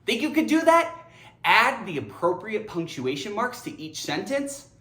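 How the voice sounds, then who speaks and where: A woman's voice: medium pitch, unhurried, reverberant. A woman teaching English grammar in a playful video lesson, theatrical and talking straight to her viewers. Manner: animated, theatrical, addresses viewers directly.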